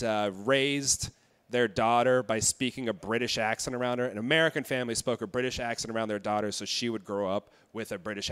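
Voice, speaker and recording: A young man in his twenties doing a stand-up set in a comedy club, delivering dark jokes in a deadpan way with halting fillers. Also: mid-range voice, smooth. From Indiana.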